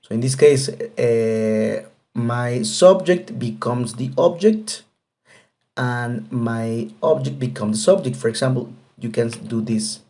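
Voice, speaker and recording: Patient, mellow-voiced male English teacher. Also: medium pitch, expressive, takes it slowly. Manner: patient, repetitive explanation with frequent fillers. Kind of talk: grammar lesson explanation.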